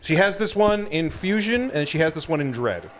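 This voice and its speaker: A man's voice: a little high, sing-song, moderate pace, noisy background. Man explaining a game casually. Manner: explains game history and mechanics. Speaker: let's play co-host. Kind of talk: casual gaming commentary. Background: game music.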